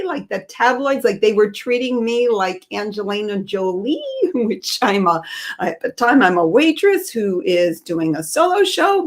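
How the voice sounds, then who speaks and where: Chatty, self-mocking woman storyteller. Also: medium pitch. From United States. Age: 50s. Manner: chatty, self-deprecating, animated. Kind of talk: live solo storytelling.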